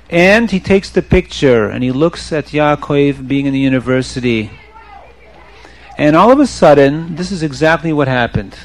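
A man telling a story to children in an animated way, often asking the audience questions. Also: fairly high pitch, normal speed.

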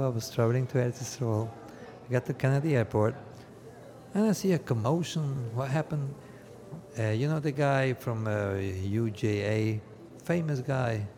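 A man's voice: medium pitch, gravelly. A man, a rabbi, telling comic stories to a live audience and acting out each character's voice. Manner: animated, acts out every character's voice.

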